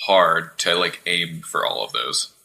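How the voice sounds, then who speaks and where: A man's voice: deep voice, measured pace, gravelly, bright, forceful tone. A man co-hosting a casual gaming podcast, joking around and often restarting his sentences. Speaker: podcast co-host. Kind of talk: casual chat.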